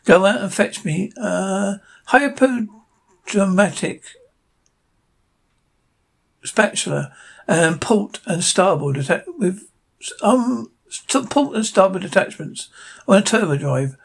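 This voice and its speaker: A man voicing a cartoon crab captain, gruff, lowered, gravelly, husky. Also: animated, takes it slowly, pauses often, exaggerated voice. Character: gruff middle-aged male crab restaurant boss.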